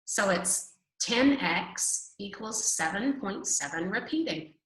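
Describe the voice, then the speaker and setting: A woman teaching a recorded math lesson, slow and reassuring, drawing out repetitions and walking students through the steps. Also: medium pitch, lively intonation, a bit bright, echoey room, poor audio.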